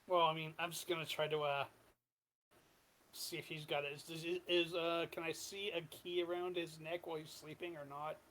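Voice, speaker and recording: Higher-voiced joking male player. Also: flat delivery, moderate pace. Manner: joking, loud, rambling. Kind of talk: casual tabletop play.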